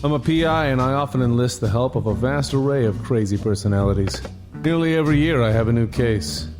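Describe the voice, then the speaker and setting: A man's voice: medium pitch, fast talker, music in the background, voice pushed down, lightly acted. A man playing a hardboiled private eye. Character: old-fashioned male private eye, hardboiled narrator. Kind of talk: scripted noir narration.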